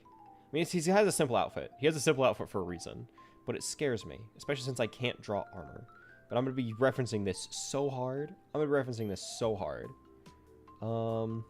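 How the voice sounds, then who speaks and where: Male streamer, mid pitch, playful self-talk while drawing, soft music under. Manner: rambling and playful, talks to himself while working. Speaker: VTuber streamer. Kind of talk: casual live-stream chat while drawing.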